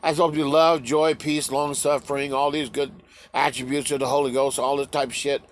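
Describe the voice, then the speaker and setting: A man's voice: medium pitch, flat delivery, fairly quick. A man ranting in a heated, profane vlog, firing rhetorical questions and stumbling over restarts. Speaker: vlogger. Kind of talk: ranting commentary to camera.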